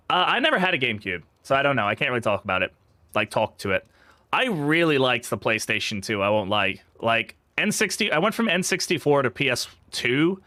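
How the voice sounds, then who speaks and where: A young man from England chats through a game stream, his voice bright and forward with a mid-range pitch. He rambles, swears freely and tells stories with animated energy, close and dry on the mic. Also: no room sound. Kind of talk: casual live-stream chat while gaming.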